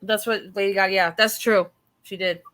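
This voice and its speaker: A woman's voice: mid-range voice, fairly even intonation, brisk, fairly bright tone. A woman hosting a casual livestream panel, rambling with many ums and restarts. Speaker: host.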